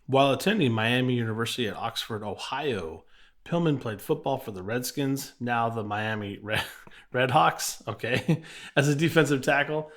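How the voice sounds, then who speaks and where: A man's voice: medium pitch, moderate pace, fairly bright tone. A man co-hosting a casual wrestling podcast, reading out promos and biography notes and laughing often. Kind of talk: casual podcast chat with read-out bio notes.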